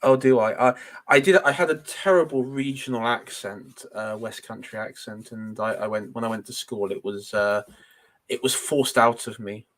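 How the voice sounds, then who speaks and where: A man's voice: mid-range voice, moderate pace. A man from Cornwall who speaks with a middle-class English accent, in a mid-range voice. He is a guest on a casual podcast and often hesitates with ums and uhs as he talks. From Cornwall, England.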